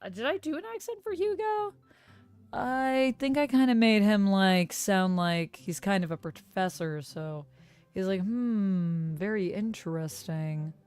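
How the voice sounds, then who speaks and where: A woman's voice: medium pitch, unhurried, a little mellow, clean tone. A young woman streaming a dating game, chatting casually, laughing often and reading the game text aloud. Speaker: streamer playing a dating sim. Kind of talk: casual live gameplay commentary.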